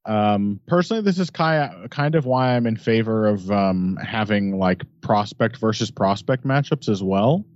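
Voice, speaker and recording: A man's voice: fairly low pitch, lively intonation, normal speed, hardly any pauses, darkish tone, dry recording. A man co-hosting a podcast, giving laid-back fight analysis with jokey asides. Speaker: podcast co-host. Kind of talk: casual sports chat. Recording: dry, slightly dull lo-fi audio.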